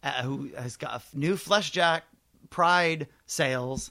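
A man's voice: on the high side, takes it slowly, vocal fry, pushed and bright. A man co-hosting a podcast, chatting casually and joking crudely. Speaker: podcast co-host. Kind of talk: casual chat.

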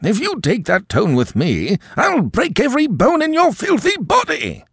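A hulking, bullying troupe master, as a man puts him on, roaring his threats high and loud in a lively, swinging voice. Dry, close sound. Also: moderate pace, creaky, husky, no echo, full character voice. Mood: furious. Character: huge brutish male troupe master, bullying.

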